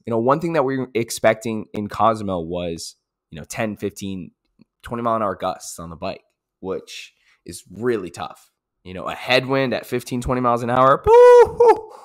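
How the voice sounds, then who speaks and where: A man's voice: mid-range voice, a bit bright. A man giving a casual, pumped-up recap of his race as a triathlete, repeating phrases and swearing for emphasis.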